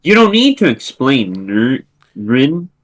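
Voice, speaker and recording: A man's voice: medium pitch, big pitch swings, slow, voice pushed up. A man voicing an anxious alien woman with a slightly nasal, pinched voice, in a comic read-aloud. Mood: pleading.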